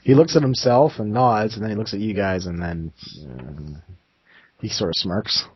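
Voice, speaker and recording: Deep-voiced man narrating a tabletop game. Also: moderate pace, breathy edge, dry recording, lo-fi sound. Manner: hesitant, many fillers. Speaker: game master.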